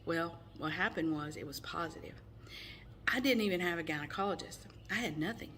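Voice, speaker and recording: A woman in her forties with a lowish voice tells her own story straight to the camera. She speaks earnestly, with frequent ums and restarts, and a faint hiss of background noise sits under her voice. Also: a little fast, a bit bright. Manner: earnest, storytelling with many fillers. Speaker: mother sharing her testimony. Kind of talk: personal testimony to camera.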